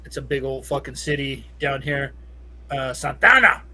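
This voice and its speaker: A man's voice: mid-range voice, monotone, normal speed, fairly bright tone. A middle-aged man from Southern California telling a rambling, profane story as a podcast guest, laughing often. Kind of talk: casual storytelling.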